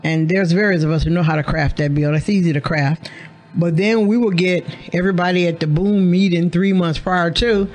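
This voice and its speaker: A woman's voice: on the low side, a little fast, darkish tone. A woman radio host talking in a studio, explaining emphatically and acting out quoted dialogue. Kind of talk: casual radio conversation.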